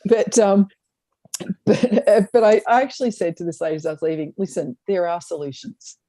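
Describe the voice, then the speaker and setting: A chatty woman who tells stories with lots of laughter, speaking over a video call. Her voice is mellow and dark, and it sounds dry, with no room echo. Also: medium pitch, fairly quick. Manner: chatty storyteller, laughs often. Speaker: co-host. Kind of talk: casual comedic chat.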